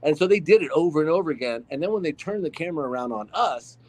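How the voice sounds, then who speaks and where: A man from Arizona, an actor guest on a podcast, telling behind-the-scenes stories in a relaxed, rambling way with lots of fillers. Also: on the high side, quick pace, no room sound. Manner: relaxed storytelling with many fillers. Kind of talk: casual podcast interview.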